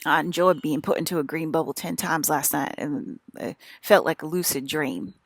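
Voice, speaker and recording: Agitated gravelly woman with a country twang. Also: low voice, fairly even intonation, normal speed. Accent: American country. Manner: agitated, profane, repetitive. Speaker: vlogger. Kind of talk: rambling monologue.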